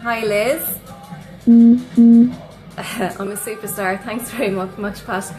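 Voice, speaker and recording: A woman's voice: fairly high pitch, steady tone, slow pace, mellow, soft background music, low-quality recording. An Irish woman, a sleep coach, chatting as a guest on a live radio show, bubbly and effusive, laughing often. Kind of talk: chatty live interview with shout-outs to viewers.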